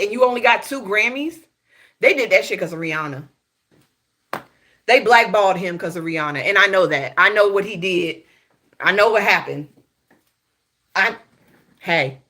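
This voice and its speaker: A mid-range, bright, forceful voice belongs to this Houston, Texas gossip host with a Southern accent. Casual and profane, her monologue keeps breaking into laughing asides while she addresses viewers as "y'all."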